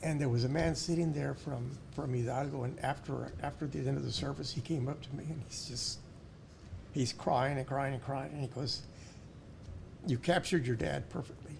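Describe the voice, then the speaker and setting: A middle-aged man with a South Texas accent, a podcast guest who tells stories warmly, often restarting and repeating words. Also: mid-range voice, steady tone, normal speed, vocal fry, background noise. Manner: warm storytelling with many restarts and repeated words. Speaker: podcast guest, school board member. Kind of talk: casual interview storytelling.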